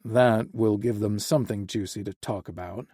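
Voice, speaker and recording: A man voicing a rugged, protective ranch man with a low, growling delivery in an audiobook. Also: normal speed, mellow, breathy edge, dry recording, clean studio sound. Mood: firm. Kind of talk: audiobook character voice.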